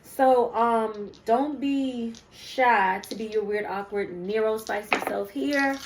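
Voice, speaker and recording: A woman's voice: fairly high pitch, slow pace, background noise. A young woman giving a casual spiritual card reading to her viewers, chatty and rambling with many ums and asides. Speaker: spiritual reader.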